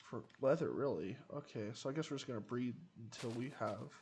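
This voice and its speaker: A man talking through a game stream in a mid-pitched voice, thinking aloud and cutting words short. Clear noise sits behind him, and he rambles from one small task to the next. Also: brisk, darkish tone. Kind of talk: casual gameplay commentary. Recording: noisy game stream audio.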